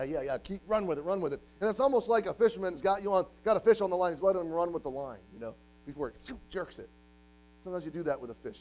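A man preaching a sermon to a congregation, telling a story and moving from quiet, hushed passages to loud, emphatic ones. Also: a little high, slight background noise, rough recording. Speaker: pastor. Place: church.

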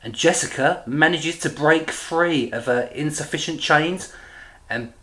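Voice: mid-range voice, a little slow, bright, forceful tone. An English co-host of a podcast, recapping a TV episode in casual chat with wry remarks.

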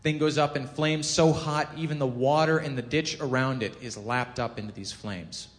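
A man giving a casual sermon, telling a scripture story with lively acted-out quotes and frequent self-corrections. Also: normal speed. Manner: animated storytelling, acts out quotes with rising pitch and volume; self-corrects, chuckles at own jokes. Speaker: preacher. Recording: long hall reverb.

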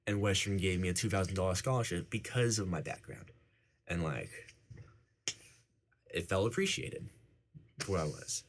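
A man's voice: sits low, lively intonation, moderate pace, long pauses, slight background noise. A young man, a university student, answering interview questions casually and rambling with many fillers. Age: young adult.

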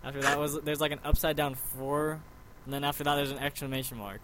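A man's voice: a little high, steady tone, quick pace, fairly bright tone, slight background noise. A man hosting a podcast, chatting casually and rambling animatedly about a book. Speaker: podcast host. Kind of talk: casual chat.

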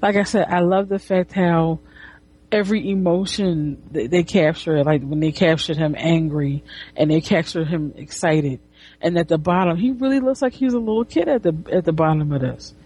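A woman's voice: lowish voice, moderate pace, mellow, slightly rough. A woman casually retelling a comic book, rambling with restarts and swearing. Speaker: comic reviewer.

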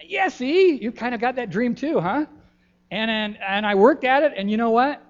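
An older man, a pastor giving a gentle, folksy children's sermon in a church, pausing often with ums. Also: high-pitched. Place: church sanctuary. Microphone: handheld microphone. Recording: dull lo-fi church recording.

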